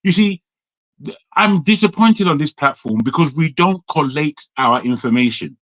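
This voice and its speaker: A man's voice: fairly high pitch, animated, normal speed, fairly bright tone, a little hiss or hum, poor audio. A man from Nigeria ranting in a live online debate, exasperated, swearing and repeating himself for emphasis. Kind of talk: heated debate rant.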